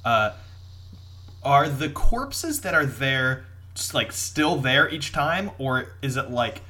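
A man takes part in a tabletop game and puts hesitant questions to the game master. His voice is bright and forceful. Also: medium pitch, big pitch swings, slow. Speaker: player. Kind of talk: casual tabletop play.

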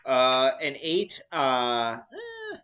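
A man's voice: mid-range voice, extremely slow, sharp tone, a little hiss or hum. A man narrating as game master of a tabletop game, hesitant and full of fillers, with a joking streak.

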